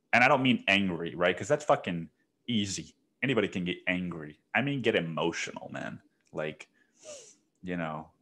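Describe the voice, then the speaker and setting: A man with a somewhat low-pitched voice talks alone on his podcast, rambling from one thought to the next. He swears constantly and keeps tossing in "man" and "dude.". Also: a bit bright. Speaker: podcast host. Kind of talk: casual solo podcast monologue.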